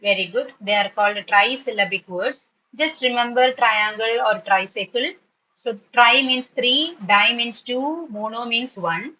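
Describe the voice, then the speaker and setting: Bright-voiced woman teaching a class. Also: a little high, muffled recording. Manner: patient, spells words out and repeats them slowly. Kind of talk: online spoken English class.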